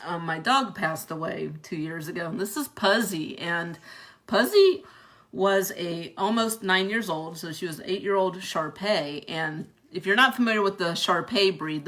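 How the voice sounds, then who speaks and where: Young female vlogger, somewhat low pitch, bright forceful tone, chatty and quick to laugh. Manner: chatty, laughs often between remarks. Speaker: vlogger reviewing a product. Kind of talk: casual unboxing chat.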